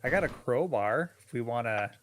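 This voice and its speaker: A man's voice: medium pitch, lively intonation, normal speed, slight background noise. A man playing a tabletop game, asking rules questions and teasing others in casual talk. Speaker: player.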